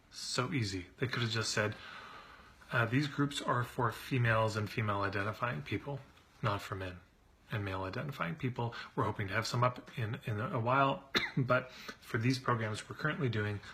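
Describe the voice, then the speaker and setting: A man's voice: medium pitch, sharp tone. A middle-aged man who coaches on marketing, venting in a casual monologue, frustrated and exasperated, repeating himself when he gets worked up.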